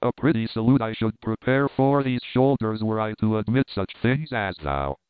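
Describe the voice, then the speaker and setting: A man's voice: on the low side, moderate pace, clean tone, no room sound, natural voice. Storybook figure: scornful half-asleep porter, voiced by a man, tinny phone-like sound. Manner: grumbling and scornful. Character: sleepy, gruff male doorkeeper.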